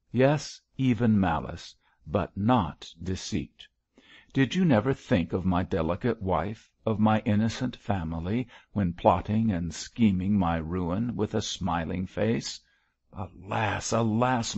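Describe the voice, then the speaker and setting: Brief: man voicing an old bishop, grave and reproachful, gravelly low voice, dull lo-fi sound. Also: darkish tone, no room sound. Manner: solemn, reproachful. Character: elderly male bishop, mild but stern. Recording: dull lo-fi dry recording.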